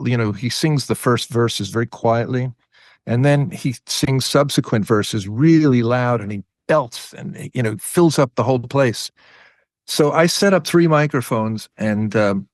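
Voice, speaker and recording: An older man with a New York accent softened by years in Britain talks easily through a story, stretching out the words he wants to land. His voice sits mid-pitch and sounds dry and close, with no room around it. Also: no echo. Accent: New York English with a British tinge. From United States. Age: 80s. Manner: relaxed anecdotal, slows down to stress details. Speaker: guest, music producer. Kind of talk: conversational interview storytelling.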